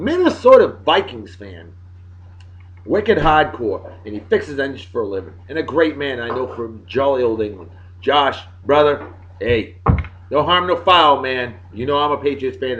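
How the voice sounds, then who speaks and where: A man hosting a casual video blog, giving jokey shout-outs to friends in a boisterous way that swings between loud and soft. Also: medium pitch. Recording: dull lo-fi sound.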